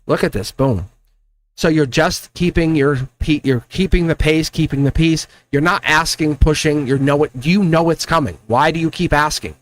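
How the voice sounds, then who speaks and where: A man giving a live-stream tarot reading, emphatic and animated, laughing often and slipping into a scolding teacher tone. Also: fairly high pitch, normal speed. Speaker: tarot reader.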